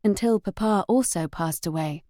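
A woman's voice: mid-range voice, normal speed, dark tone, no echo, studio quality, close to an everyday voice. A woman reading the lines of a proud young governess, speaking demurely and coolly in a storybook reading. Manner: demure and cool.

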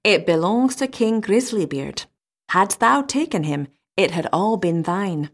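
A woman's voice: medium pitch, sing-song, unhurried. A woman voicing a blunt travelling fiddler who scolds his new wife, in a storybook reading. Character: gruff travelling fiddler, a disguised king.

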